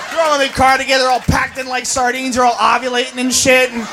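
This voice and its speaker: A man's voice: very high-pitched, completely flat delivery, quick pace, vocal fry, hardly any pauses, raised voice, noisy background. A man doing a crude, profane stand-up set. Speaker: stand-up comedian.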